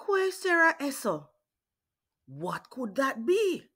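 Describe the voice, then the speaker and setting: A woman voicing a bossy, protective grandmother in a storybook, scolding quickly. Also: sits high, huge pitch swings, a bit bright, voice pushed up, heavily acted.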